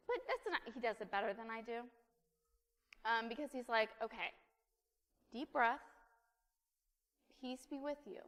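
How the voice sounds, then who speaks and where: A woman's voice: on the high side, fairly bright tone. A woman in her thirties giving a sermon in a playful, joking, conversational way from a church sanctuary. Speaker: pastor. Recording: echoey church hall.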